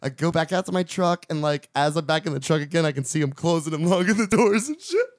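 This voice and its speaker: A man's voice: fairly high pitch, very animated, fast, no echo. A man chats on a podcast in a small studio, his voice sitting a bit above the usual male range. He rambles through a long anecdote full of swearing, acting out quotes and breaking into laughter. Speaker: podcast host. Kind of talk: casual storytelling chat.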